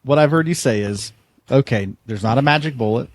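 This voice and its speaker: A podcast host tells a story in an earnest, conversational way, often repeating words as he restarts a thought. His voice is mid-range and a little fast.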